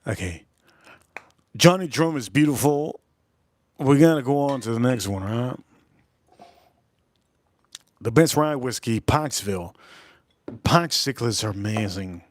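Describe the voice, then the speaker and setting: A young man hosting a livestream, chatting casually and rambling excitedly from one topic to the next. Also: mid-range voice, measured pace, long pauses, no room sound. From South Florida. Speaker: livestream host.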